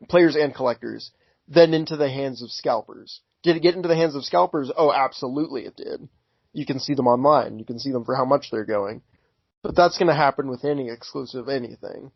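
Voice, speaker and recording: A man's voice: medium pitch, dry recording. A man co-hosting a podcast, arguing his view earnestly and carefully, often restarting his sentences. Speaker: podcast co-host. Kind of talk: casual podcast chat. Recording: dry, dull lo-fi audio.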